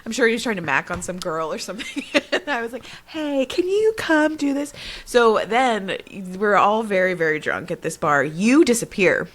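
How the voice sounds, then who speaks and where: Young woman podcast co-host, animated storyteller, wide swinging pitch. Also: a little fast, few pauses. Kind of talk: casual storytelling chat.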